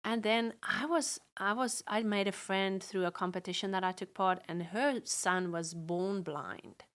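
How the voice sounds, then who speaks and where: A woman, a guest, telling a personal family story in conversation, animated and acting out what others said. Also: medium pitch, a little slow.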